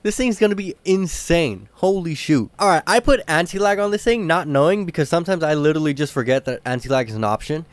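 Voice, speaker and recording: A young man hosting a car game video, talking casually and getting excited and loud at times. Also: fairly high pitch, quick pace, hardly any pauses, dry recording. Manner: excitable, slangy, bursts of shouting at rivals. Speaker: gaming channel host. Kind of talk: casual gameplay commentary.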